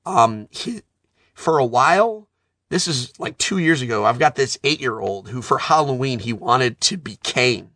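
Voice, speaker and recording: Bright-voiced man telling animated stories. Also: mid-range voice, a little slow, no room sound, studio quality. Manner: animated storyteller, self-described nerd. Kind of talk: casual chat.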